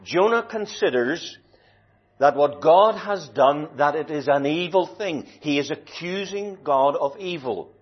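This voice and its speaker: A man preaching a sermon in a slow, deliberate and emphatic way, stretching key words. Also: fairly high pitch, lively intonation, slightly rough. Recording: dull lo-fi recording.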